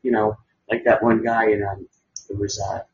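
A man's voice: fairly low pitch, level tone, normal speed, darkish tone, slight background noise. A man hosting a podcast, talking in a rambling, sarcastic way and swearing freely. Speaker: podcast host. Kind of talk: casual crude chat. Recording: dull lo-fi audio.

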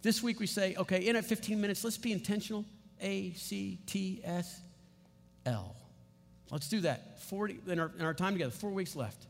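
A man's voice: high voice, moderate pace, gravelly, faint music behind. Emphatic preacher man in a reverberant hall. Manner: emphatic, rising to loud preaching on key words. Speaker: pastor. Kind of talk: sermon.

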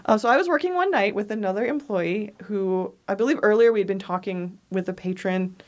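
A woman's voice: mid-range voice, fairly quick. A woman co-hosting a casual chat, telling stories with frequent laughs and acted-out quotes. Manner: laughs often, acts out quoted voices. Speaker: podcast co-host telling ghost stories.

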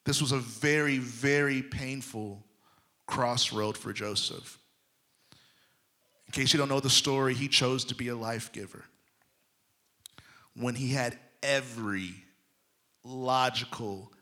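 A man preaching a sermon, moving between loud emphatic lines and hushed near-whispers, often checking in with his congregation. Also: medium pitch, slow pace, long pauses. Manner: addresses the congregation directly, checking in with them.

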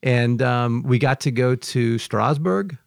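A man from Michigan, hosting a casual conversation as a lively, joking storyteller. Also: medium pitch, slow, gravelly, no echo, studio quality. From Michigan, United States. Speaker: podcast host.

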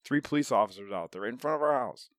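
Midwestern man, animated and profane storyteller, average pitch, recorded dry. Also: quick pace, dry recording. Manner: animated storyteller, swears a lot, laughs often. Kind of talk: casual podcast chat.

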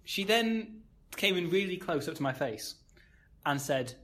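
A man's voice: on the high side, animated, unhurried, fairly bright tone. A young man telling a long anecdote in casual chat, wry and self-mocking, with many fillers. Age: young adult. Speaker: podcast co-host telling a story.

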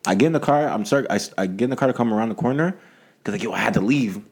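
Man, casual chat, quick pace, animated storyteller. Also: medium pitch. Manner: animated storyteller, acts out quoted people.

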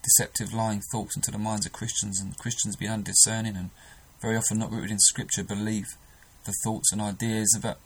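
A man's voice: lowish voice, level tone, a little fast, few pauses, husky, rough recording. A man preaching a sermon, earnest and emphatic, often restarting his sentences.

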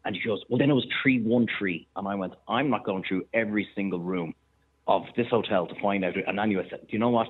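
An Irish man, a chef and restaurateur, telling animated anecdotes in casual chat. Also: fairly low pitch, husky. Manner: animated anecdotes, quick bursts of laughter. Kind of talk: casual storytelling on a phone-in. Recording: tinny phone line.

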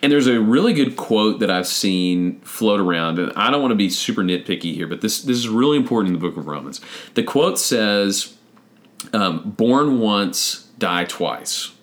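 A man with a low voice hosting a faith conversation, with very lively, rising and falling intonation. He reasons aloud step by step and often restarts his sentences. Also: moderate pace. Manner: thoughtful, explains step by step, frequent restarts. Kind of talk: casual theological discussion.

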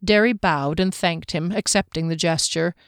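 A narrator reads fantasy fiction in a measured, even way, close to the mic. The voice is smooth and mid-pitched. The recording is dry, with no room sound. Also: no room sound. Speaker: audiobook narrator.

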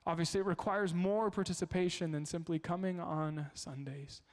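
A man preaching a sermon as a pastor, telling stories in an animated way in a church. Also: a little high, normal speed, in a large hall. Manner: storytelling, animated.

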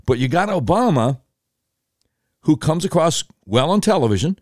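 A man telling political history in an animated way, breaking into quick impressions of voters and politicians. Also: a little high, no echo, clean studio sound.

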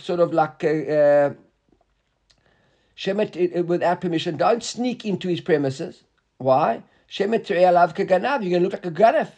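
Animated high-voiced man teaching Talmud. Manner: animated, stumbling restarts, mixes Hebrew and Aramaic terms. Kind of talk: daily Gemara class.

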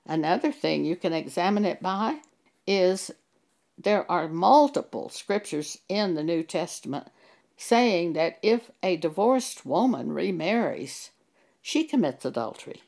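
A female Bible teacher preaches a monologue in a gravelly voice with rough edges, animated and a little mellow at a measured pace. Her pitch swings widely as she presses rhetorical questions and cites scripture with emphasis.

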